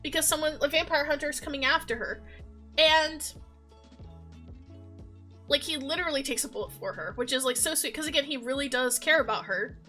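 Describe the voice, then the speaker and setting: Young woman video creator, high voice, chatty and emotional, laughs a lot. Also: brisk, long pauses, soft background music. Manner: animated, emotional, laughs often. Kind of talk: casual chat.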